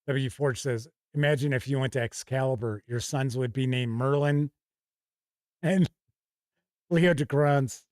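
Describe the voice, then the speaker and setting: Slow, easygoing male host with a dry sound. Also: medium pitch, a little mellow, dry recording. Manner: chatty, reads lists aloud with small asides and self-corrections. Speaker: show host reviewing tabletop RPG books. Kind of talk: casual chat, reading from a rulebook on stream.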